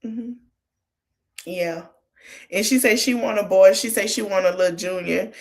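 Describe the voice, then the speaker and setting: A woman's voice: medium pitch, a little slow. Chatty woman podcast host, motherly advice. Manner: chatty, gives motherly advice straight to the cast. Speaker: podcast host recapping a reality show. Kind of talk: casual recap chat.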